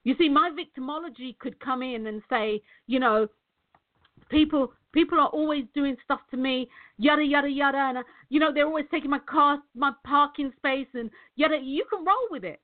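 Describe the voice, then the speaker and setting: A woman's voice: high voice, moderate pace. A middle-aged woman giving an emphatic motivational talk, repeating herself and calling her viewers guys. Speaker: motivational speaker. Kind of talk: direct-to-camera motivational talk. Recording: tinny phone-like audio.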